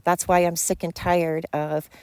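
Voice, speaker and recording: A woman's voice: on the low side, little pitch movement, measured pace, a little mellow, clean tone, dry recording. A woman hosting a podcast, ranting bluntly and fired up, swearing freely. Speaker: podcast host. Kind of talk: opinionated podcast rant.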